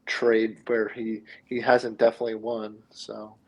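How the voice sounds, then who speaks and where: A man's voice: lowish voice, completely flat delivery, measured pace, rough recording. A man co-hosting a casual sports podcast, laid-back, giving short replies padded with fillers. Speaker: podcast co-host.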